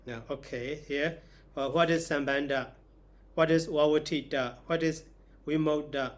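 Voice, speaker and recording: A man's voice: on the high side, fairly even intonation, unhurried. A man, a monk teacher giving a grammar lesson and explaining it step by step.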